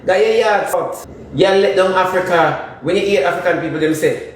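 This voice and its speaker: A Jamaican man rants through comic commentary on online gossip, pressing his points with repeated dismissive refrains. His voice sits a little high. He is recorded from some way off the mic in a strongly echoing room. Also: fairly quick. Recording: very echoey room, far from mic, faint noise.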